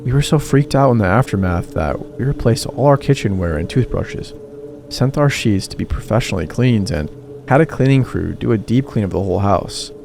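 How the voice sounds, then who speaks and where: Low gravelly guy reading a horror story, music going under it. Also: animated, brisk, background noise. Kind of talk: scripted narration.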